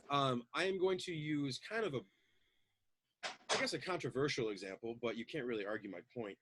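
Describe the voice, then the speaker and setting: A man chatting loosely on a talk show, loud and excitable, acting out little quoted voices as he goes. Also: mid-range voice, a little hiss or hum, poor audio. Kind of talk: casual chat, animated storytelling.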